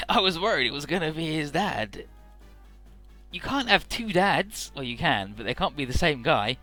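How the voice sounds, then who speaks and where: A man's voice: on the high side, very animated, moderate pace, pushed and bright. A man casually narrating a video game playthrough, who rambles with lots of fillers and laughs often. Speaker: let's play commentator. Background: faint game music.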